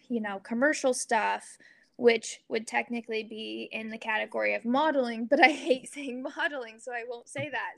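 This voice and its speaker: A chatty young woman from Oregon talks easily as a podcast guest, her voice sitting a touch high and catching often on a gravelly fry. She keeps it upbeat and laughs through her stories. The tone stays relaxed and conversational. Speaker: guest, golfer and social media influencer. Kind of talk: casual interview chat.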